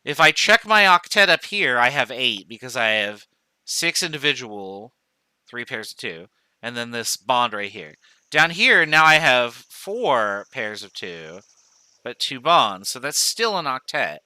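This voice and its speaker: A male chemistry professor gives a recorded lecture a little slowly, with a sing-song lilt in his medium-pitched, very bright, crisp and smooth voice. He works through each step out loud, numbering items and correcting himself. The recording is dry and close.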